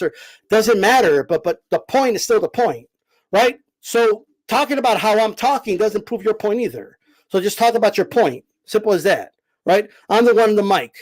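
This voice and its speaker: High-voiced man lecturing emphatically. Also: expressive, moderate pace, rough recording. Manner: emphatic, lecturing, raises voice, repeats points. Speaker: boxing commentator host. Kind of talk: live-stream commentary answering chat.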